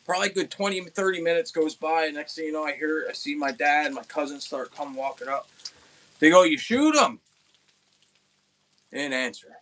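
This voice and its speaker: A young man from Pennsylvania tells a hunting story in a loose, casual way. He rambles, restarts his sentences and gets animated at the exciting parts. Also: a little high, quick pace. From Pennsylvania, USA. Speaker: outdoors channel host.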